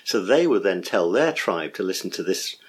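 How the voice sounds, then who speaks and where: A man's voice: deep voice, sing-song, normal speed, slightly rough. A middle-aged man, teaching a workshop on guiding meditation in an enthusiastic, chatty way. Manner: enthusiastic, chatty, full of praise.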